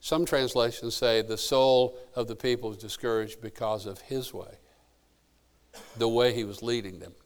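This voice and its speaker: Smooth-voiced male preacher. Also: mid-range voice, fairly even intonation, moderate pace. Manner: storytelling, rising to emphatic preaching. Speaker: pastor. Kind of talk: sermon.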